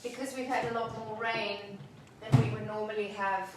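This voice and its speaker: A woman's voice: medium pitch, fairly even intonation, normal speed, heavy background noise. A woman hosting a casual home cooking demonstration, chatting cheerfully as she works. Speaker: cooking show host. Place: home kitchen. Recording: echoey room, mic far off.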